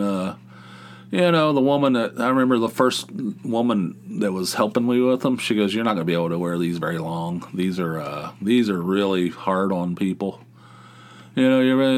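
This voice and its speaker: A middle-aged man talks through a loose solo podcast monologue in a lowish voice. He swears casually, wanders off track, and circles back with "anyway." The delivery is unscripted, conversational and full of restarts. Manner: rambling, profane, easily sidetracked. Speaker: podcast host.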